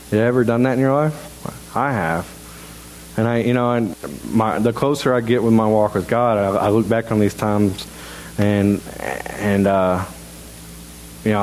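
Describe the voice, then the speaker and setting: A man preaching a sermon in a church in a halting, conversational way, full of restarts. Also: fairly low pitch, a little mellow, a little hiss or hum, poor audio. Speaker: pastor. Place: church sanctuary.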